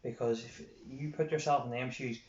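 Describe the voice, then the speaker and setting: A man's voice: medium pitch, steady tone, moderate pace, darkish tone. An Irish man coaching others, talking earnestly and repeating his points for emphasis. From Ireland. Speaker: youth sports coach. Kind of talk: informal coaching talk. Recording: roomy, dull lo-fi sound.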